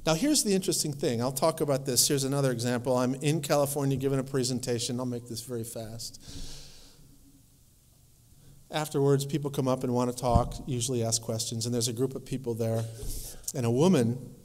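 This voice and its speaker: A man lecturing at a conference, telling anecdotes in a lively way and acting out the voices of the people in his stories. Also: mid-range voice, fairly quick, in a large hall. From North Dakota.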